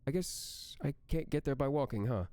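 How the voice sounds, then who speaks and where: A man's voice: mid-range voice, animated, moderate pace, warm tone, no echo, pitched above the performer's own voice, natural voice. A man putting on a breezy young woman on the phone. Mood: breezy, friendly. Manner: light, breezy, slips into an accent.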